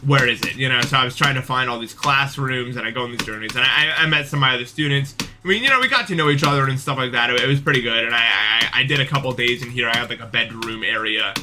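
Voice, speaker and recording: A man's voice: mid-range voice, quick pace, few pauses, background noise. A young man streaming, telling a long dream in casual chat, rambling with many fillers and restarts. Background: background music.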